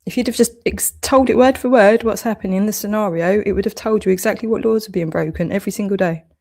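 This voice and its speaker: A woman's voice: medium pitch, quick pace, vocal fry, mellow. A woman delivering an angry, heavily sworn monologue rant, accusing and scolding. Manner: heavy swearing, accusatory, rising anger.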